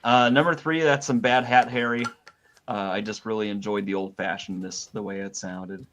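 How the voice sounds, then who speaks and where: A man co-hosting a podcast, talking in a laid-back, halting way. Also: fairly low pitch, fairly even intonation, background noise. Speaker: podcast co-host. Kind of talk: casual chat.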